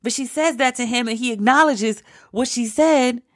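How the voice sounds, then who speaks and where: A woman's voice: a little high, moderate pace. A woman recapping a TV show in casual, emphatic talk, with some swearing. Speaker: TV show reviewer.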